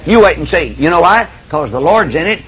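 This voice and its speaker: A man's voice: a little high, expressive, a little fast. A man preaching a sermon in a folksy, emphatic, drawling storytelling manner. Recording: dull lo-fi tape with faint hiss.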